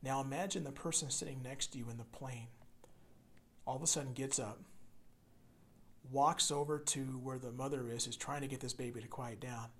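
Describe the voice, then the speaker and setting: A man preaching a sermon, swinging from loud emphasis to hushed near-whispers and repeating words as he builds a point. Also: mid-range voice, steady tone, moderate pace. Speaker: pastor.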